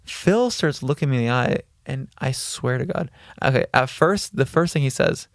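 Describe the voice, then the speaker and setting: A man tells a story on a podcast in a loose, animated way, swearing and laughing along with himself. His voice has a gravelly fry at the bottom of its middle pitch. The sound is dry and close, with no room around it. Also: moderate pace, dry recording. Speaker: podcast guest. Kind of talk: casual anecdote telling.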